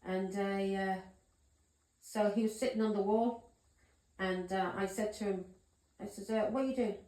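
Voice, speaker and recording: Woman, mid pitch, tarot reader vlogging, emphatic and blunt, roomy echo on the mic. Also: level tone, unhurried, warm tone. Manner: emphatic, swears, keeps asking "yeah?" and "do you understand me?". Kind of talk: casual storytelling to camera. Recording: roomy echoey room.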